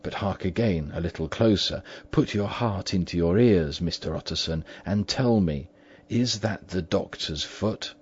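A man voicing a frightened old male butler who speaks in a hushed murmur, in a storybook reading. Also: deep voice, unhurried, slightly rough. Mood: fearful. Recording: dull lo-fi recording.

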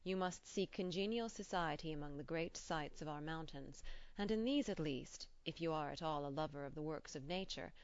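A woman reading the part of a polite, gently teasing older male doctor in an audiobook, in a measured way. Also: low voice, clean tone, muffled recording, lightly acted.

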